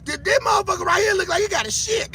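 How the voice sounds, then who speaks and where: A man hosting a livestream, reacting to video footage in loud, profane, excitable commentary and often laughing. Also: very high-pitched, vocal fry, a little hiss or hum. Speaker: livestream host.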